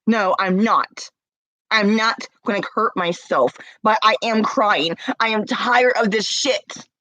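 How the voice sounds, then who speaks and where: A woman's voice: medium pitch, slow, pushed and bright, dry recording, poor audio. A woman crying as she talks to camera, confronting someone with repeated pointed questions in an emotional rant. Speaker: vlogger.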